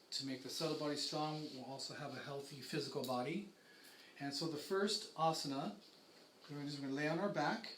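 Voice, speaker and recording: A man teaching a kundalini yoga and breathing class, calmly guiding students with casual fillers. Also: a little high, a little hiss or hum. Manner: calm, slow guiding chant with many fillers. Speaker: yoga instructor. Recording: echoey room with faint ambience.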